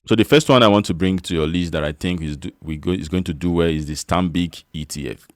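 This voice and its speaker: A Nigerian man with a very deep, low voice talks through a casual tutorial. His delivery is chatty and coaxing, checking in with his listeners again and again. The sound is close and dry, with no room echo. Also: fast. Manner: chatty, repeats "you understand?", coaxing. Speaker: investment channel host. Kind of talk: casual screen-share finance tutorial.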